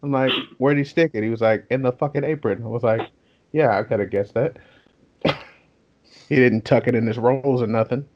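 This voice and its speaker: Young guy, mid-pitched, swearing, animated storyteller; dull lo-fi podcast sound. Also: normal speed, pauses often, a little hiss or hum. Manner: profane, animated storytelling with laughs. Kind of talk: casual storytelling chat.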